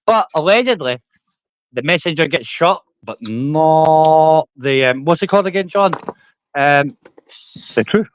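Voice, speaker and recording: A man's voice: fairly high pitch, lively intonation, a little slow, long pauses, slight background noise. A middle-aged man joining an online call, talking in a sarcastic, provocative, jokey way. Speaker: guest caller. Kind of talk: casual chat. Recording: dull lo-fi call line.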